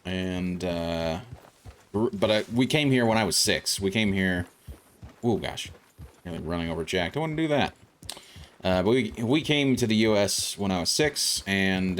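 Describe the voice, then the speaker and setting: A man born in South Africa, chatting casually and rambling as he streams a video game. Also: low voice. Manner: rambling, chatty, reacting to gameplay. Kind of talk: casual gameplay commentary.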